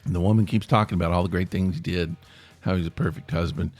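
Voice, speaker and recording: A man's voice: low-pitched, steady tone, fast talker, darkish tone, dry recording, soft background music. A man hosting a solo podcast in a casual, rambling way, often stopping and restarting his sentences. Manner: rambling, self-interrupting, chatty. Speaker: podcast host. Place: home near Atlanta.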